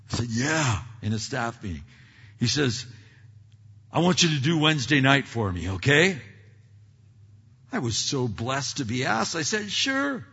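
A man preaching, a pastor telling a story in a self-deprecating, animated way with many restarts, recorded in a church sanctuary. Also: medium pitch, breathy edge. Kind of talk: sermon storytelling. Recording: dull hall reverb, lo-fi.

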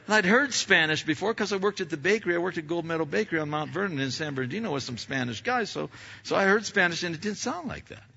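Halting, bright-voiced man preaching. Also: high voice, vocal fry, muffled recording, slight background noise. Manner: halting, repeats words, animated storyteller. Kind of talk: sermon storytelling.

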